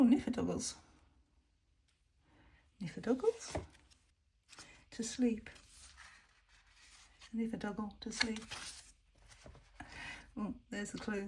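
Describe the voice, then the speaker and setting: Woman, unhurried, soft half-whispered musing over an unboxing, faint background hiss. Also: mid-range voice. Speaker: tarot deck reviewer. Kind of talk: casual unboxing commentary.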